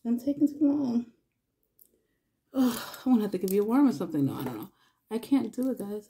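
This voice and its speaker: A woman's voice: mid-range voice, lively intonation, fairly quick, dark tone. A woman vlogger chatting casually and fondly to her pet and her viewers. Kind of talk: casual pet vlog chat.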